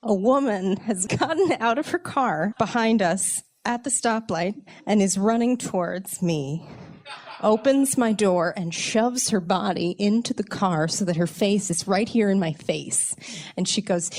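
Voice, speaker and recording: A young woman comedian telling a comic personal story in a wry, self-mocking, animated way. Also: medium pitch, unhurried.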